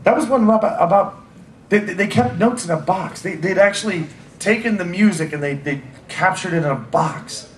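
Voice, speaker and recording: A man's voice: sits high, normal speed. An American man telling funny stories on a convention panel, rambling and profane, stammering and repeating words. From United States. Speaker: comedy panelist. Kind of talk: casual comedic storytelling. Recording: echoey room.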